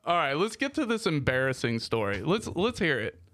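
A man hosts a podcast casually, excitable and joking as he steers the guest along. His pitch moves a lot, rising and falling animatedly. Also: moderate pace. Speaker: podcast host. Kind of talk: casual chat.

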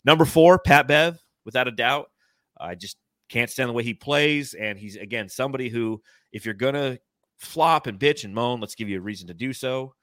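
A man hosts a casual sports podcast, his voice bright and forceful. He jokes bluntly, swears freely and reads out viewer comments from a live chat, heard close and dry. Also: medium pitch, moderate pace, dry recording. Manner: joking, profane and blunt. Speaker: podcast host.

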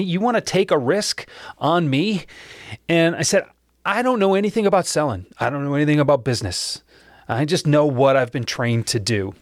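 A man's voice: on the high side, no echo, studio quality. A man telling a personal story to listeners in a conversational way, acting out remembered dialogue.

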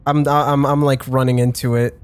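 A woman's voice: very deep voice, flat delivery, moderate pace, a little mellow, slight background noise. A woman playing in a tabletop game, asking earnest questions in character. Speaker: player. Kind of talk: casual tabletop role-play.

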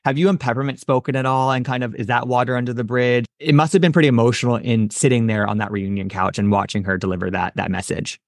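A man's voice: medium pitch, steady tone, fast talker, hardly any pauses, dry recording, studio quality. A man hosting an interview, asking questions in a friendly, chatty way. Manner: friendly, chatty, frequent restarts. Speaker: interviewer host. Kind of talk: casual interview.

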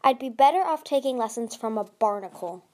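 A woman's voice: fairly high pitch, expressive, fairly quick, mellow, close to an everyday voice. A woman voicing a fierce young female sea dragon princess, urgent and defiant.

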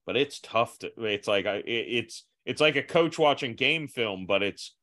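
A young man hosts a podcast in loose, casual conversation. His voice sits at an ordinary middle pitch, and he keeps restarting his sentences before landing on a self-deprecating joke. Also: expressive, normal speed, a bit bright. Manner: restless, many restarts and self-mocking asides. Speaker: podcast host. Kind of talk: casual chat.

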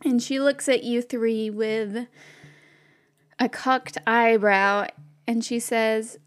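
A woman narrating a tabletop game as game master, unhurried and with many fillers. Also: a little high, fairly even intonation.

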